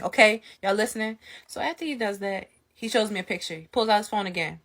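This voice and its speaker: A young woman vlogger casually telling a story, animated, laughing often and acting out what people said. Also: mid-range voice, a little fast, hardly any pauses. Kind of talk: storytime vlog, casual retelling.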